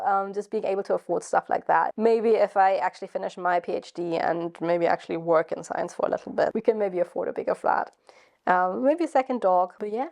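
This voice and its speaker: A woman's voice: medium pitch, a little mellow. A young woman with a German accent, chatting casually to camera in a rambling, filler-heavy vlog. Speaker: vlogger.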